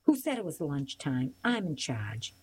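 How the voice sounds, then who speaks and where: A woman voicing a bullying, drunk older brother in a storybook reading, gruff and bossy. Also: low-pitched, sing-song, measured pace, a little hiss or hum.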